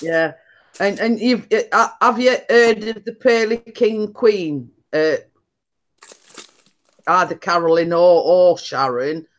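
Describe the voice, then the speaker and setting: A woman's voice: on the low side, slow. A woman hosting a casual chat stream, reading out comments with a chuckle. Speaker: host of a live chat stream.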